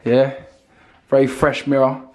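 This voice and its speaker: A man's voice: mid-range voice, flat delivery, measured pace, dark tone, slight background noise. A young man, chatting casually and animatedly to a handheld camera, full of slang and swearing. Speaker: vlogger. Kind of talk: casual vlog chat.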